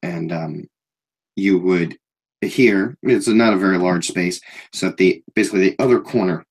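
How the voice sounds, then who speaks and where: A man narrating a tabletop game as game master in a relaxed, hesitant way with many fillers. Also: sits low, normal speed, breathy edge.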